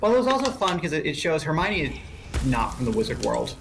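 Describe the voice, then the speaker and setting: A man's voice: fairly high pitch, sing-song, brisk. A man in casual chat who rambles, corrects himself mid-sentence and laughs often.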